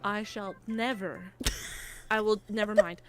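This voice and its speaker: A woman from Canada chatting casually on a livestream, giggly and animated, swearing freely. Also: medium pitch, measured pace. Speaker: streamer. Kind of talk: casual chat.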